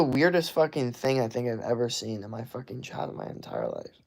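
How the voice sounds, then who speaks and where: A man's voice: mid-range voice, lively intonation, brisk, gravelly, darkish tone. A young man from the United States reading chat on a live stream, talking casually with an exasperated, rambling manner.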